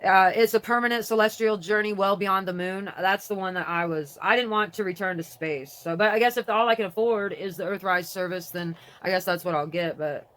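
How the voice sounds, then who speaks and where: Fast-talking rambling vlogger. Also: medium pitch. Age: adult with a grown child. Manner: rambling, self-interrupting, swings between excited and mournful. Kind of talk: casual rambling vlog, reading from a website.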